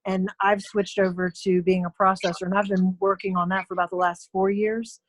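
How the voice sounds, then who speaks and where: A woman's voice: mid-range voice, flat delivery, brisk, dry recording, low-quality recording. A woman guest on a talk show who speaks earnestly and thoughtfully, with a few fillers. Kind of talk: casual talk show chat.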